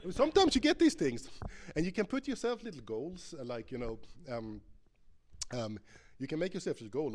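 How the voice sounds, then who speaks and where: A man's voice: mid-range voice, sing-song, a little fast, a little mellow. Chatty man giving a playful keynote. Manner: chatty and playful, thinking aloud with many ums and restarts. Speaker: keynote speaker, professor. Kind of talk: conference keynote with live game demo. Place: conference stage.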